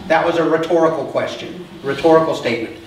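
High-voiced pastor preaching in an echoey hall. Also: male voice, fast talker, slight background noise. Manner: conversational preaching, asks the congregation questions. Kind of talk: sermon. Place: church. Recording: echoey church hall from far off.

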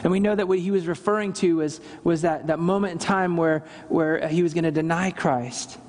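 Pastor, male, high voice, earnest sermon, lively scripture quotes, reverberant church hall. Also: a little fast. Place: church service.

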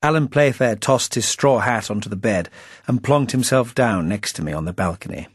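Husky, wry man reading a thriller aloud. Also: on the low side, moderate pace, no room sound, clean studio sound. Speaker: author reading his novel. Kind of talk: audiobook narration.

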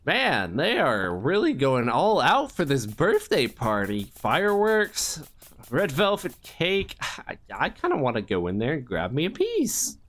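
This YouTuber's voice is on the high side and a bit bright, swooping wildly in pitch at a measured pace. Playing a horror game, he rambles and jokes with mock-innocent asides and sing-song sound effects in comedic let's-play style.

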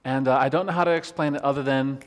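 A male worship pastor preaching a sermon, telling a personal story with lively, laughing retellings of conversations. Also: medium pitch, fast talker, in a large hall. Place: church.

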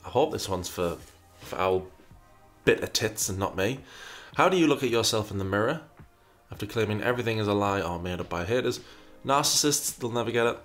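A man with a fairly low voice hosts a casual commentary show, reading out viewer questions and answering with wry, rambling asides. He keeps doubling back and restarting his sentences. Faint music plays underneath. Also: animated, fairly quick, fairly bright tone. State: burpy after breakfast.

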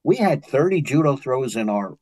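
A man's voice: medium pitch, normal speed, dry recording. An older man with a New York accent, telling martial arts stories as a guest in an interview. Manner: animated storyteller, acts out quotes. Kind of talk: storytelling interview.

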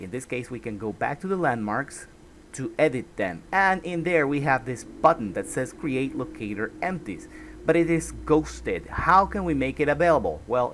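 A man narrating a screen-recorded software tutorial, patient and explanatory, often checking in with the listener. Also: medium pitch, slight background noise.

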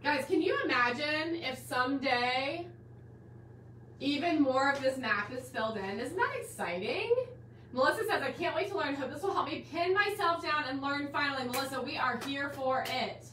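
A bubbly woman hosting a live online class, gushing over her viewers with a high, bright pitch. She sounds a bit distant from the mic, in a roomy space with a faint hiss behind her. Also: moderate pace. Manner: bubbly, gushing, calls viewers guys and my dear. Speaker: host of a live quilting class stream. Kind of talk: enthusiastic live-stream welcome.

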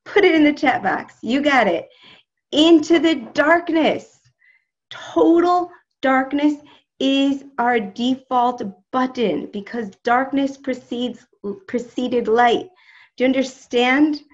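A woman teaching a live online religious class, expressive and speaking straight to her listeners, answering their chat comments, over dull video call audio. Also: high-pitched, slow pace.

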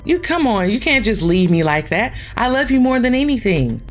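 A woman's voice: fairly high pitch, very animated, normal speed, faint music behind, pitched above the performer's own voice. A woman reading a clingy stalker ex-boyfriend. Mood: pleading. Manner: pleading, clingy. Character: obsessive, pleading male ex-boyfriend stalker. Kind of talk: reading game dialogue aloud.

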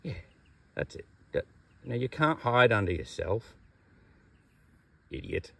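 A man's voice: medium pitch, sing-song, slow pace, vocal fry, bright, forceful tone, husky, dry recording. An Australian man chatting casually outdoors as he releases a snake, teasing it in a laid-back way. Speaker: snake catcher. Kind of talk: casual outdoor vlog narration. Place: outdoors among bushes.

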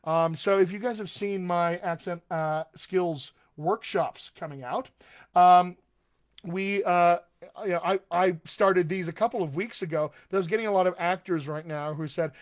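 A man's voice: sits high, moderate pace. A man working as a dialect coach, giving a live-streamed talk in an upbeat, conversational way and speaking straight to his viewers.

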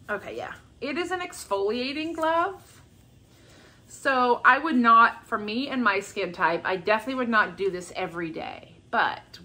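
A woman's voice: fairly high pitch, bright, forceful tone. A woman chatting casually at home about her shopping haul, rambling and upbeat. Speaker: haul vlogger. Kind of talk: casual chat. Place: home with a bay window.

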